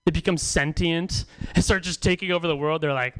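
A male stand-up comedian works a small room from the stage. His voice sits high and sounds smooth and clear. He mocks himself with plenty of swearing and chuckles through his rambling bits. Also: fairly even intonation, fairly quick, hardly any pauses, low-quality recording. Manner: self-deprecating, profane, rambling with chuckles.

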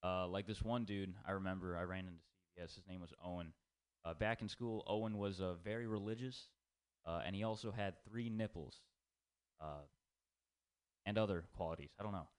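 A man's voice: deep voice, fairly quick, clean tone. A young man doing a rambling, self-deprecating stand-up set full of swearing, at an open mic in a small comedy room. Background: small audience.

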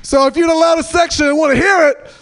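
A man's voice: very high-pitched, fairly even intonation, quick pace, fairly bright tone, pitched above the performer's own voice. A man voicing a male arena announcer with an announcer-style hype delivery. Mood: hyped.

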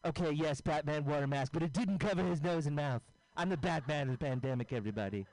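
A man's voice: fairly high pitch, fast, darkish tone, dry recording, low-quality recording. A man doing a rambling, self-deprecating stand-up comedy set.

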